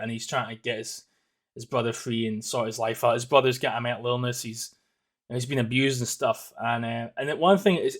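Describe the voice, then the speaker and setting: Rambling, sweary Scottish man in his thirties. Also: mid-range voice. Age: 30s. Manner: rambling, sweary, lots of ums and restarts. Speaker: podcast host. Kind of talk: casual solo podcast monologue.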